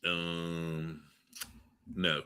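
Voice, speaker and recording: A man's voice: low voice, monotone, extremely slow, sharp tone, clean tone. A man from Louisiana co-hosting a casual cruise livestream, playful and jokey.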